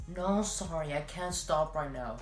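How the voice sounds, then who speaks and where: A man mimicking a curt woman bus driver who refuses to stop, in a higher strained voice. The room is echoey and faint music plays. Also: slow. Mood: curt refusal.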